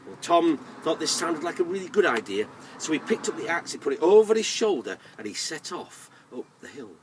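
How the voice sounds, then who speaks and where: A man telling a folk tale to children in a lively way, inviting the listeners to join in. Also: a little high, a little fast, recorded from a distance, slight background noise. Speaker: storyteller. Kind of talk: oral storytelling for children.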